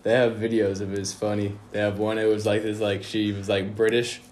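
A man's voice: on the low side, flat delivery, brisk, a little mellow, a little hiss or hum. Laid-back young man, slangy chat. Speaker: podcast host. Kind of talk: casual chat.

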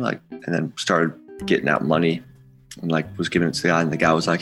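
Low-voiced laid-back man. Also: level tone, fast talker, a bit bright, faint music behind. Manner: laid-back, rambling, laughs often. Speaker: podcast guest. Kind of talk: casual chat.

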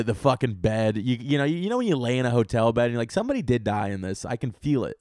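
A young man hosting a solo podcast, telling rambling, profane comic stories with bursts of loud excitement. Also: mid-range voice, dry recording, clean studio sound. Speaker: podcast host and stand-up comedian.

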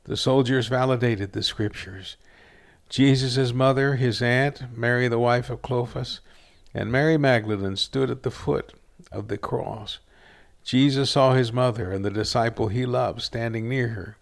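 A man reading a scripture passage aloud in a steady, earnest storytelling manner. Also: mid-range voice, unhurried, gravelly. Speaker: scripture reader.

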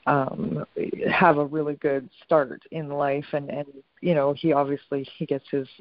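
A woman's voice: sits low, flat delivery, unhurried, no room sound. Woman host, casual and chatty, lo-fi dry recording. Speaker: interview host. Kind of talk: casual conversational interview. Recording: dull lo-fi dry sound.

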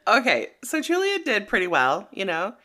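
A woman co-hosting a casual gossip podcast, sarcastic and animated. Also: medium pitch, moderate pace. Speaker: podcast co-host.

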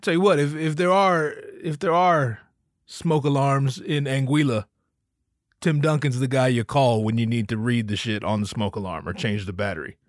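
A man's voice: medium pitch, moderate pace, no room sound, clean studio sound. A man in his thirties hosting a casual solo podcast, riffing and joking with lots of swearing and self-interruptions. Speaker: podcast host.

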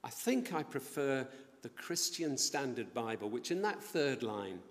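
A middle-aged man preaching a sermon, telling a story in a lively way and acting out the voices of the people in it. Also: mid-range voice, measured pace. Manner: storytelling, animated, acts out quoted voices. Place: church building. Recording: long church reverb.

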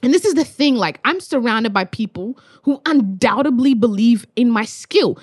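A young woman, a spoken word poet, telling a story in animated, laughing, swearing casual chat. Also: a little high, normal speed, breathy edge, no room sound, studio quality. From Australia.

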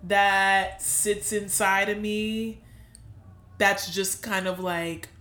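Bright-voiced woman in a roomy space. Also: mid-range voice, flat delivery, extremely slow. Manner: emotional, swears freely, voice rising when upset. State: near tears. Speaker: podcast co-host. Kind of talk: candid casual chat.

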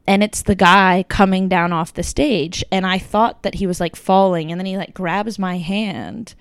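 Young woman, chatty storyteller, filler-heavy and animated in quotes; clean, dry read. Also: medium pitch, moderate pace, clear, resonant tone, no echo. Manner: chatty, lots of "like" and "kinda", quoting others in lively bursts. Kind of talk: casual storytelling chat.

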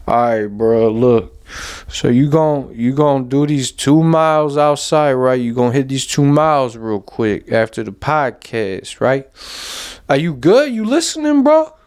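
A man's voice: mid-range voice, lively intonation, a little slow, darkish tone, clear, resonant tone, no echo, studio quality, lightly acted. A man voicing his own pushy, slangy inner voice that nags him like a coach, checking in with "bro" and "right?" after every order. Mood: bossy, coaxing. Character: pushy streetwise male inner voice, bossy coach.

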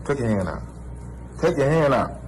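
A man's voice: fairly low pitch, lively intonation, brisk, background noise, voice pushed down, close to an everyday voice. A man voicing a crude young male friend who taunts with repeated lines. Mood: taunting.

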